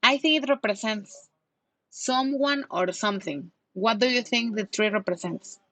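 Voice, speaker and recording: A woman's voice: a little high, unhurried, a bit bright, no echo. Patient woman teaching English. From Mexico. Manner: patient, explaining, asking questions. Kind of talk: online English lesson.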